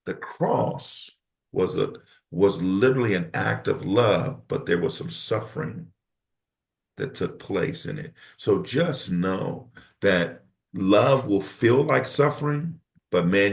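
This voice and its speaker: Gravelly-voiced pastor preaching in conversation. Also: male voice, deep voice, animated, measured pace. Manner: emphatic, preacherly cadence. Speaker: pastor, podcast guest.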